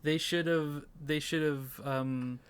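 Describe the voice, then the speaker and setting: A man's voice: a little high, fairly even intonation, very slow, clean tone. A man co-hosting a casual movie review podcast, talking with enthusiasm, swearing casually and trailing off mid-sentence. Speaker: podcast co-host.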